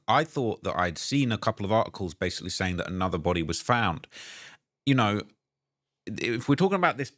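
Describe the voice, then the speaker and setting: A man's voice: on the low side, a bit bright, no echo, studio quality. A man narrating a commentary video, reading messages and news aloud, hesitant with restarts.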